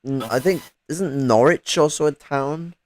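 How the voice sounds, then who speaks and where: A man's voice: on the high side, normal speed, a little mellow, a little hiss or hum, poor audio. A man in casual chat, rambling, swearing freely and laughing often. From English Midlands.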